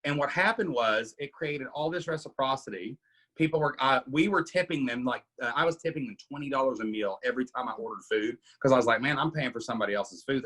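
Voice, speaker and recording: Hosting a casual coaching Q&A for podcast members, a middle-aged man speaks emphatically and keeps asking "right?". His voice is medium in pitch, bright and forceful.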